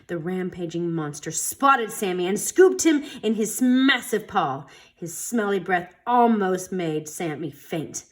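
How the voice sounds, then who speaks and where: A woman reading a children's storybook aloud in an expressive, dramatic storytelling manner. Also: fairly low pitch, unhurried. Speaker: storytime reader.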